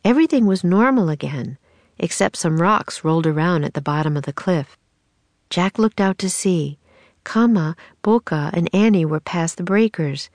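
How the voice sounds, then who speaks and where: A woman narrating a children's storybook in a steady, measured way. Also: lowish voice, dry recording. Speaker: audiobook narrator.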